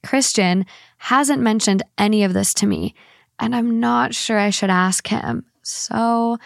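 A woman's voice: on the high side, takes it slowly, creaky, no echo, clean studio sound. A young woman co-hosting a casual podcast, reading a listener's story and then chatting bluntly, teasing and swearing freely. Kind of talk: casual chat.

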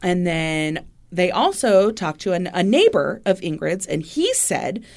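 A woman's voice: on the low side, very animated, a little slow, a little mellow. A woman co-hosting a podcast, telling a true-crime story in a chatty way, with easy laughs and loose fillers. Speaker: podcast co-host.

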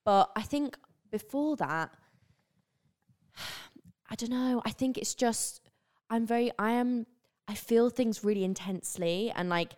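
A young woman from northern England, her accent softened by years in the south, chatting openly and animatedly as a guest on a podcast. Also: fairly high pitch, measured pace, pauses often. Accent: northern English, softened by years in the south. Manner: animated, drops into silly put-on voices. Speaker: online creator, guest. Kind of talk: casual podcast chat.

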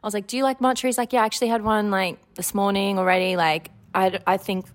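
Aussie girl retelling a date, excitable, acts out all the quotes. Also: mid-range voice, fast talker. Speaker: podcast co-host. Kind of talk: casual chat.

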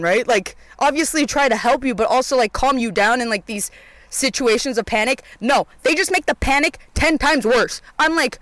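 A young woman vlogger telling a story in casual chat, animated and slangy, swearing freely and acting out the people she quotes. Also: sits high, no echo.

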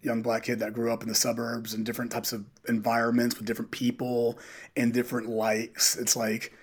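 A man who coaches high school runners, a podcast guest telling stories in a casual, animated way and acting out what people said. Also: brisk, slightly rough. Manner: animated, quotes people in dialogue. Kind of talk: casual interview storytelling.

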